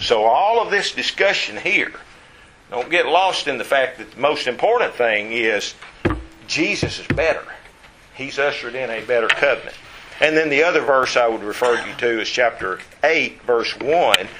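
A man's voice: mid-range voice, lively intonation, moderate pace. Guy teaching bible study, emphatic, repeats stuff, asks the class questions, a faint noise behind.

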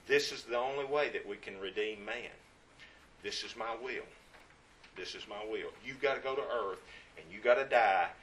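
A man preaching a sermon in church. He reads scripture aloud, quizzes the congregation, and swings from hushed asides to emphatic lines. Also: lowish voice, moderate pace, slight background noise.

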